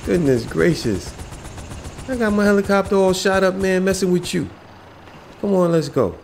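Gravelly laid-back gamer guy. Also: sits high, brisk, echoey room, slight background noise. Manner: laid-back, slangy, talks to game characters. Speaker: video game streamer. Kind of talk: casual gameplay commentary.

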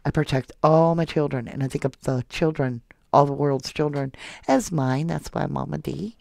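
A soft-spoken woman hosting a true crime livestream, reading viewer comments aloud and calling her viewers love and honey. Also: low voice, normal speed, gravelly, no echo, studio quality. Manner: affectionate toward viewers, calls them love and honey. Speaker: true crime channel host.

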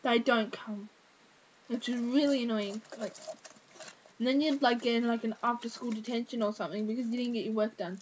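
A woman's voice: on the high side, steady tone, a little fast, slight background noise, low-quality recording. A teenage girl, ranting casually to camera with lots of fillers, exasperated. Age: teens. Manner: exasperated, rambling with many fillers. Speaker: vlogger.

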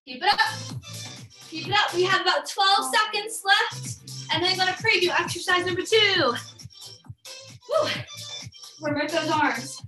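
A woman's voice: very high voice, animated, measured pace, pauses often. A woman leading a live workout class, coaching with cheers and countdowns while out of breath. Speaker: fitness instructor. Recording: echoey room from far off, music behind.

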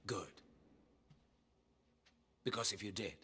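An actor playing a volatile, drunken middle-aged mob boss with a Russian accent, menacing and erratic, lurching between low mutters and shouts. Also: male voice, slow, slight background noise.

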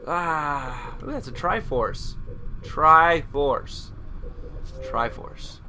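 Young male gamer, slightly high voice, yells and cusses at the screen over loud game audio. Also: very slow, a little hiss or hum. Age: student. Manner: excitable, yelps and shouts at the game, swears. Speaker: gaming commentator. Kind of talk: casual live gameplay commentary. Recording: loud game sound under the voice. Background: shooter game sounds and gunfire.

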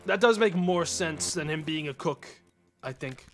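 A man's voice: on the high side, unhurried, music in the background. A man streaming a mystery game, thinking aloud casually and talking to his chat as he works things out. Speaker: gaming streamer. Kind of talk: casual live-stream commentary.

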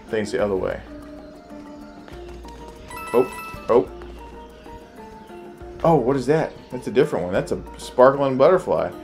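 A man playing a video game with his child, chatting casually and cheering excitedly, game music behind him. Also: medium pitch. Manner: excitable, cheers his kid on with rapid repeated urging. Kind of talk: casual gameplay chat.

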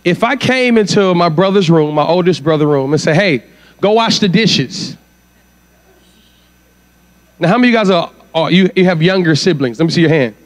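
A man with a fairly high, lively voice talks fast and barely pauses. He is a guest speaker preaching a sermon at a church conference, firing rhetorical questions at the congregation.

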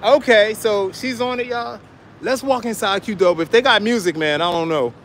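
A man's voice: high voice, normal speed, fairly bright tone, slight background noise. A man hosting a casual walk-and-talk vlog, upbeat and talking straight to his viewers as he walks through the city and into a restaurant. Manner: upbeat, addresses viewers as y'all. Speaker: vlogger. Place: city street, then inside a restaurant.

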